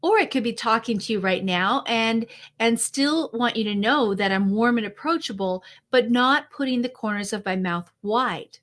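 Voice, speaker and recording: A woman who coaches public speakers hosts her own tip video. Her voice sits a little high, and she speaks upbeat and conversationally, straight to the viewer as if across a table. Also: a bit bright. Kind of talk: direct-to-camera coaching tip.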